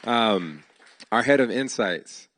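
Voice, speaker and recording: A man's voice: medium pitch, lively intonation, slow pace, fairly bright tone, some chatter behind, a little hiss or hum. A man hosting a startup demo day, giving heartfelt, casual, slangy thanks to his team in a live speech before an audience. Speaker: event host giving thanks. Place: event hall before an audience.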